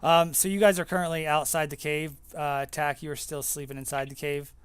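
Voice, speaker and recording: A man running an online tabletop game as game master, talking casually and halting with fillers. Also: on the high side, flat delivery, clear, resonant tone, dry recording.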